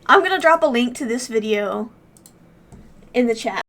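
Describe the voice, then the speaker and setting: High, bright-voiced excitable woman streamer. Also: measured pace. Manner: gushing and excitable, reacting aloud to chat. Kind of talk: casual live-stream chat.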